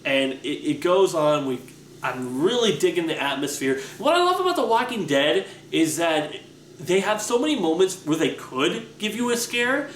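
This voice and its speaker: A young man telling stories in a casual chat, animated and full of restarts. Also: moderate pace, a little hiss or hum. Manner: animated storytelling, excited rising pitch, many restarts. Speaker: vlogger answering viewer questions. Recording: echoey room with faint ambience.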